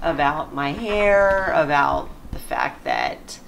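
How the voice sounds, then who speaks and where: A middle-aged mother chatting casually while reacting to a music video, blunt and quick to scold. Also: sits low, wildly swooping pitch, vocal fry, background noise. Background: music playing.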